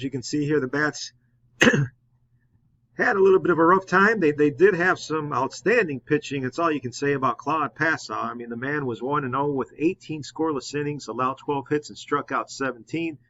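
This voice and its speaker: A man calling play-by-play of a simulated baseball game, rising with excitement on big hits and chatting through a recap. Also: on the high side, moderate pace, highs cut off.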